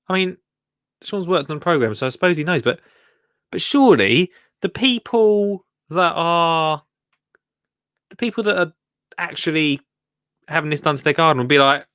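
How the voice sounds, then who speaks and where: A man from the United Kingdom hosting a live podcast, animated and quick to laugh and exclaim in disbelief. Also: a little high, no echo. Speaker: podcast host.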